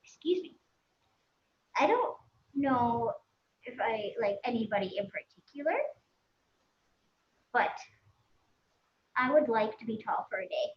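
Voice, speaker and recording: A woman's voice: fairly high pitch, lively intonation, measured pace, long pauses, echoey room, dull audio. A woman with a Minnesotan accent, a guest on a live show, chatting candidly with lots of giggles and swearing. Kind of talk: casual live-stream chat. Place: by a pool.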